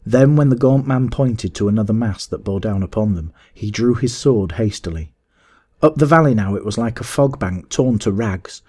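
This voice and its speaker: A man with a fairly low voice reads a classic adventure story aloud as an audiobook. His narration is measured and even, though he rises to shouts during dialogue.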